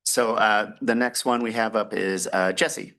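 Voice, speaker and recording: A man with a low, gravelly voice chairs the meeting, briskly calling on speakers in turn. He keeps things moving with a light, wry touch. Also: fairly even intonation, pushed and bright. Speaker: committee chair.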